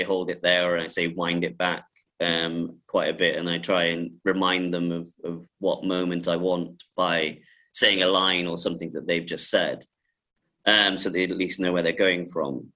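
A film director with a lowish, bright, forward voice. He tells stories in an animated way, laughing often and stumbling into repeats as he talks. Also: moderate pace, low-quality recording. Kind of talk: casual interview talk.

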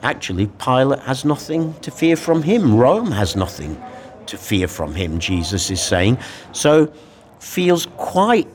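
Reflective man discussing a Bible passage. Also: medium pitch. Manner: reflective, animated, acts out quoted lines. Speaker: guest speaker explaining a Bible passage.

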